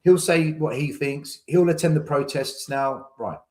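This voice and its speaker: A man's voice: fairly high pitch, measured pace, mellow. A man, hosting a podcast, arguing heatedly in casual debate and repeating words when he gets pressed. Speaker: podcast host.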